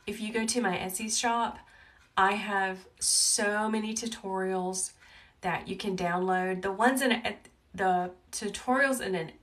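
A woman with a Southern US accent hosting a live wreath-making tutorial, chatty and talkative, with a calm, soothing voice. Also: mid-range voice. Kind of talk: live crafting tutorial chat. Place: home wreath workshop. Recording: a bit distant from the mic, faint background noise.

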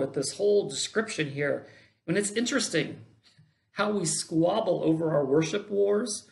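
Pastor with a gravelly, mid-pitched voice; reads scripture dramatically in a sermon. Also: moderate pace, darkish tone.

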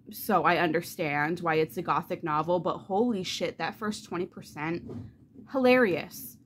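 A woman chatting casually in a reading vlog, animated and loose, swearing freely and saying "like" constantly. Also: low voice, a little hiss or hum. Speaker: book vlogger.

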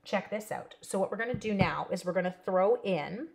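This woman leads a live card-stamping class and keeps it chatty, greeting viewers by name as she demonstrates. Her medium-pitched voice is expressive, brisk and creaky, and the recording is very noisy.

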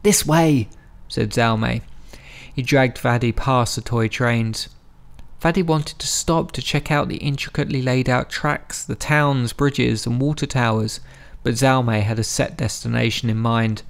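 Gravelly, smooth male audiobook narrator. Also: mid-range voice. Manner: steady, measured storytelling.

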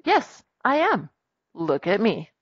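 A woman teaching a grammar lesson in a classroom, brisk and firm with her students as she dictates punctuation aloud. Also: medium pitch, huge pitch swings, breathy edge, dry recording, muffled recording.

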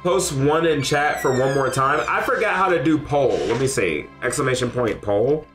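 A man streaming a game live, excitable and often shouting and laughing as he talks to his chat. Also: mid-range voice, normal speed, reverberant. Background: faint game music.

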